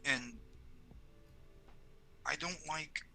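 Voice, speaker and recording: A man's voice: fairly high pitch, very slow, creaky, bright, forceful tone. A man from the American South in a casual group call, blunt and teasing.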